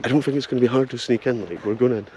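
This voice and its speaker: A Scottish man hosting a casual travel vlog outdoors, narrating excitedly and joking as he walks around a festival campsite. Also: medium pitch, rapid-fire. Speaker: vlogger host. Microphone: handheld camera. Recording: outdoor camera audio with steady noise.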